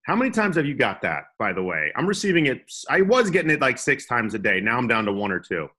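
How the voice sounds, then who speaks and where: A man's voice: mid-range voice, big pitch swings, fast, pushed and bright, breathy edge. A young man co-hosting a comedy podcast, joking around and slipping into silly voices. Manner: goofy, puts on silly voices. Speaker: podcast co-host.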